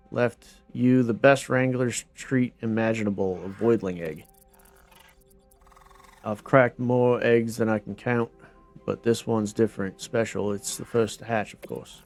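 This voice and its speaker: A man's voice: mid-range voice, fairly even intonation, measured pace, darkish tone, soft background music, lightly acted. A man voicing a hearty, encouraging hatchery keeper in a put-on Australian accent, reading game dialogue aloud on a stream.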